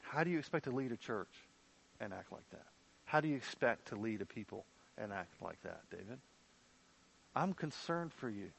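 Guy doing michal, a fretful disapproving queen, soft earnest pleading, brightish tone. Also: on the low side, big pitch swings, normal speed, creaky, long pauses, slightly rough, heavily acted, low-quality recording. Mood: concerned. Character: disapproving biblical queen, worried about dignity.

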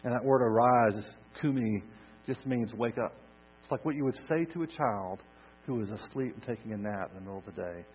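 Expressive preacher, lo-fi hum. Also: male voice, mid-range voice, fairly quick. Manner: expressive, swings from loud emphasis to soft near-whisper. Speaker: pastor. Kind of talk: sermon. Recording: dull lo-fi recording with mains hum.

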